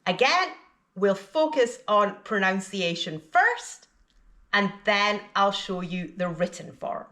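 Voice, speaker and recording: Slow, lively-voiced woman teaching pronunciation. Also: medium pitch. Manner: clear, careful enunciation of single words. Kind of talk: slow, deliberate teaching with pauses for repetition.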